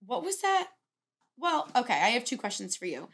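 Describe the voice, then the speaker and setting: A woman's voice: a little high, very animated, normal speed, fairly bright tone. A woman hosts a podcast in a casual chat. She talks in a gushing, effusive way. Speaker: podcast host.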